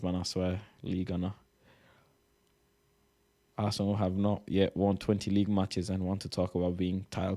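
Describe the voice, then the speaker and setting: An exasperated man talks through posts in a casual reaction commentary. His voice sits slightly low, and he swears freely as he reads. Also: dark tone. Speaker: reaction streamer.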